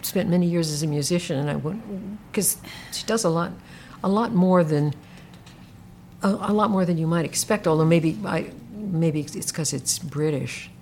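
Low-voiced woman chatting about a book, lots of stops and restarts. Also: mellow, a little hiss or hum. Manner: halting, many restarts and fillers. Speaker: podcast co-host discussing a book. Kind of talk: casual chat.

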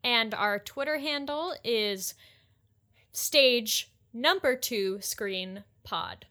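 Bright-voiced teasing woman co-host. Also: on the high side, lively intonation, very slow. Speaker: podcast co-host. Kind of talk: casual chat.

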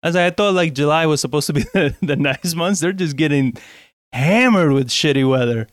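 A man co-hosting a casual talk show, chatting in a relaxed, rambling way with lots of fillers. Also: fairly high pitch, a little fast, dry recording, clean studio sound. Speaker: podcast co-host. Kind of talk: casual chat.

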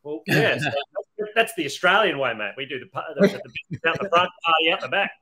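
A man's voice: fairly high pitch, expressive, fast, a loud crowd. A man on a video call joking around in an exaggerated put-on Australian accent as a podcast panelist. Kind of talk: comic podcast banter.

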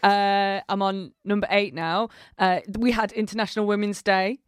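A woman co-hosts a radio show, bubbly and quick with a sarcastic aside. She talks at an ordinary middle pitch. Her voice is recorded close and dead, with no room sound. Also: flat delivery, smooth, no echo. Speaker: podcast co-host. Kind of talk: casual chat.

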